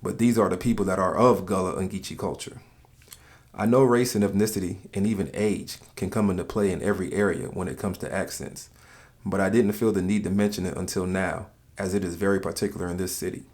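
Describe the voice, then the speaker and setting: A man narrating in a calm, measured, scripted way, explaining things to the listener. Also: low voice.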